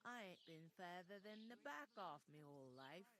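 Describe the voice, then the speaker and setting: A woman's voice: lowish voice, expressive, moderate pace, fairly bright tone. A woman voicing a blunt, bossy village innkeeper in a video game. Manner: bossy, plain-spoken, folksy.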